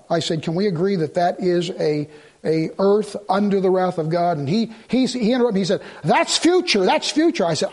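A man's voice: high-pitched, slightly rough. A man preaching a sermon, telling a story and acting out both sides of a conversation. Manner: animated storytelling, acts out quoted dialogue.

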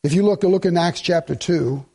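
A man's voice: a little high, moderate pace, dark tone. A male pastor preaching a sermon in a conversational way, asking the congregation questions and slipping in jokes.

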